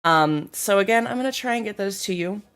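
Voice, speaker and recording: A woman's voice: mid-range voice, lively intonation, brisk, a bit bright. A woman streaming live, chatting casually with viewers while feeling unwell, candid and apologetic, thanking people by name. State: feeling unwell, low energy.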